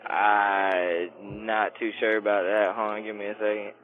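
A man picks up a call and answers with slow, unsure replies. His voice comes through a thin, phone-like line that strips away the fullness. He sits a touch lower in pitch than most men. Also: flat delivery, slight background noise. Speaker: strip club staff answering a prank call.

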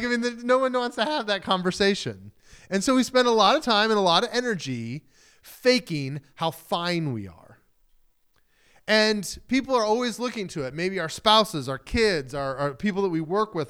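Man, pastor, conversational sermon, smooth resonant voice, somewhat high. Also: lively intonation, moderate pace, a bit bright. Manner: conversational preaching with fillers and acted-out everyday dialogue.

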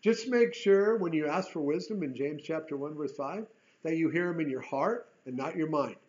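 A male Bible teacher with a fairly high voice works through a chapter verse by verse. He reads the text aloud and keeps breaking into folksy asides and rhetorical questions. The recording sounds dull and lo-fi. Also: normal speed, a little mellow.

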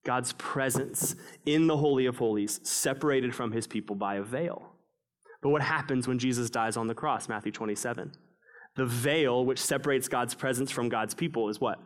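A male pastor preaching a sermon, swinging between raised, emphatic passages and hushed, low ones.

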